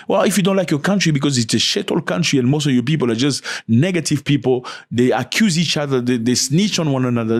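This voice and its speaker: Emphatic man ranting on his vlog. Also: breathy edge. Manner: emphatic and preachy, pushing pitch up to stress points. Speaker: host. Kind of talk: opinion commentary vlog.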